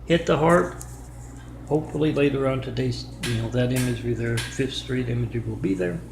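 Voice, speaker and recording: A man's voice: mid-range voice, fairly even intonation, fairly quick, vocal fry, background noise. A man talking casually on his art vlog, rambling between stories and repeatedly spelling out his web addresses. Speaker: artist vlogger.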